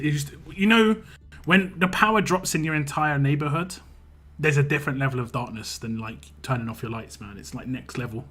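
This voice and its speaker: A man's voice: fairly high pitch, sharp tone. Rambling British man streaming live. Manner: rambling, repeats words, reads chat aloud. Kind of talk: casual live-stream chat.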